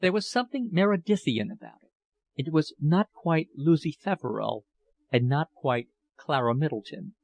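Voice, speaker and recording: A man narrating a novel as an audiobook in a measured, expressive reading. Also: medium pitch.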